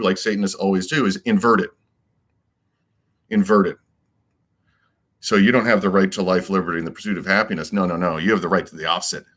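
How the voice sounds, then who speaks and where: A man's voice: lowish voice, fairly bright tone. A man giving a rambling solo monologue as a commentator, emphatic and repetitive and full of rhetorical questions. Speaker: political commentator.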